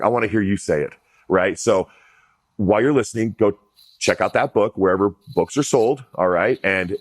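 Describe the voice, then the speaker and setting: A male podcast host with a very low, deep voice. He talks casually and directly, leading the interview with loose, chatty questions. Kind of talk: conversational interview.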